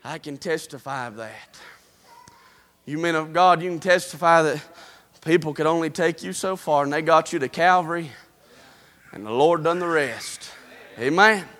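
A man preaching a revival sermon, swinging between fervent shouts and quiet murmurs. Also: fairly high pitch, moderate pace, pauses often. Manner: fervent, rising to shouts then dropping to a murmur.

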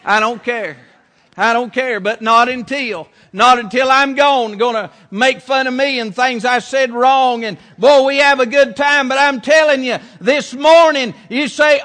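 A middle-aged pastor preaches in a folksy, homespun manner, circling back to his key phrases. His voice sits unusually high for a man, with a bright, forceful edge. The delivery is relaxed yet earnest, like a preacher talking straight to his own congregation. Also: unhurried. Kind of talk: sermon.

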